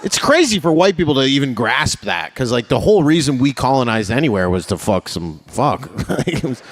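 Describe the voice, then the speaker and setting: A man's voice: medium pitch, sing-song, brisk. A man doing a stand-up set, crude and rambling, full of filler words and laughing at his own jokes. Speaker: stand-up comedian.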